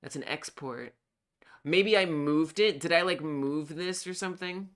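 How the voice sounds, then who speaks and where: A game developer on a live coding stream, thinking aloud while debugging, excitable and self-talking. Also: medium pitch, a little slow.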